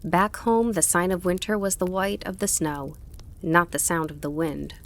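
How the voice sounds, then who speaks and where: A woman narrating an audiobook in a calm, measured storytelling manner. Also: fairly low pitch. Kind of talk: scripted narration.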